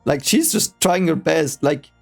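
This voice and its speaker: Soft music plays in the background as a native German speaker casually reads a book he's never read before, breaking off for hesitant, rambling, exasperated comments. He speaks unhurriedly in a slightly high voice with lively intonation and vocal fry.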